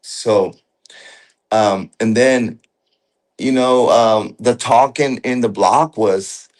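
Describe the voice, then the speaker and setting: A man telling a story as a guest in casual conversation, halting and restarting often, with rough, profane speech. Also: medium pitch, a little mellow.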